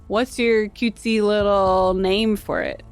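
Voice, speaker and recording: A woman's voice: mid-range voice, fairly even intonation, a little slow. A cheerful woman joins the table talk of a role-playing session and laughs easily. Faint music plays underneath. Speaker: player. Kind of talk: casual tabletop play.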